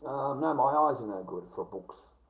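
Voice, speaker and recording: A man's voice: mid-range voice, expressive, moderate pace, poor audio. A middle-aged Australian man ranting bluntly and profanely in casual talk to his viewers.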